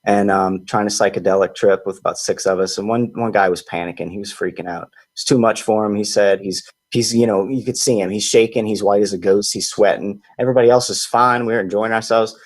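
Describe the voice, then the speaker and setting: A man telling a personal story in a casual, animated way, acting out what his friends said. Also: a little fast, few pauses, dry recording. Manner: animated, acts out quoted friends in higher voices. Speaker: podcast host.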